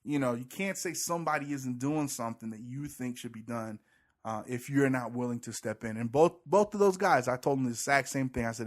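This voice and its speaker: A man's voice: medium pitch, fairly quick. A man co-hosting a podcast, chatting casually and sarcastically, acting out quoted talk, with audible heavy breathing. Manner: sarcastic, storytelling, acts out quotes. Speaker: podcast co-host. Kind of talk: casual chat about church.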